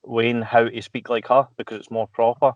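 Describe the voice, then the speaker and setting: Scottish male guest, mid pitch, swears freely, laughs mid-story. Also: level tone, moderate pace, no room sound, muffled recording. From Scotland. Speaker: podcast guest. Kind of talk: casual chat.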